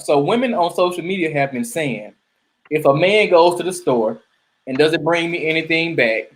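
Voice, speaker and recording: A man hosting a casual group podcast over a video call, laid-back and rambling as he sets up a topic. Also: fairly high pitch. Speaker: podcast host.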